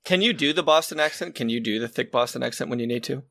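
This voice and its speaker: Joking podcast host, dry close sound. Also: male voice, medium pitch, fast, gravelly, a bit bright, dry recording. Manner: joking, teasing. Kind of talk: casual chat.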